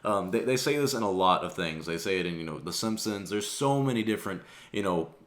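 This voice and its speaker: A man's voice: sits low, lively intonation, brisk, a bit bright. A man hosting his own channel, talking casually in a rambling, profane, offhand way. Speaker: channel host. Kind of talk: casual vlog rant.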